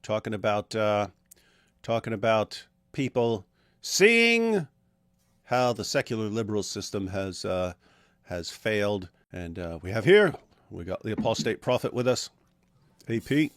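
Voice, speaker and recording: A man hosting a livestream who briskly reads out viewer comments and jokes with his guests. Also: lowish voice, expressive, no room sound, studio quality. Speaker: livestream host. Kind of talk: casual livestream chat, reading viewer comments.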